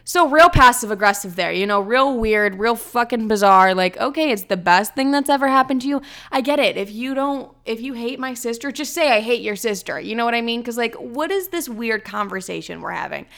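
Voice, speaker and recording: Young woman, 20s, solo podcast host: blunt and foul-mouthed, slightly high, smooth clear voice. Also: brisk, few pauses. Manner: blunt, profane, animated storytelling. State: recovering from illness. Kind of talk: casual solo podcast monologue.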